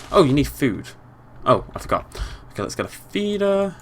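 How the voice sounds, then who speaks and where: A man's voice: on the high side, big pitch swings, normal speed, hardly any pauses, slight background noise. A young British man giving casual, chatty let's play commentary, playfully talking to the game animals.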